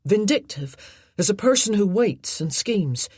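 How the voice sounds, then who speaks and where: A woman's voice: medium pitch, very animated, unhurried, a little mellow, no room sound, clean studio sound, pitched above the performer's own voice. A woman playing a blunt, loyal country lad. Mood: explaining. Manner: plain-spoken, rough country grammar.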